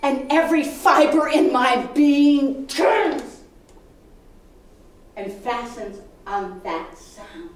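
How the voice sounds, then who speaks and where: High, lively woman telling a stage story. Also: very slow, background noise. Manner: animated and expressive, dropping to hushed whispers. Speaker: stage performer. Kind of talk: solo stage storytelling performance. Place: theater stage. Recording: echoey hall from a distance.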